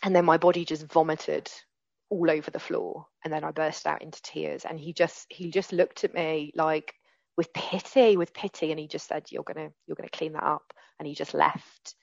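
A woman's voice: low voice, little pitch movement, moderate pace, vocal fry, a little mellow, no echo, lo-fi sound. A woman in her forties telling her recovery story candidly and earnestly, often restarting her sentences. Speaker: recovery speaker. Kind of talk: personal testimony.

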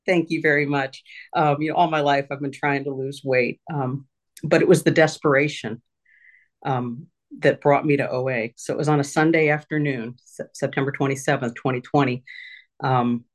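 Candid middle-aged woman sharing her recovery. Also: very deep voice. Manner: candid, halting, many fillers and restarts. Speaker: recovery meeting speaker. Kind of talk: personal recovery share at a support meeting. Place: her home office.

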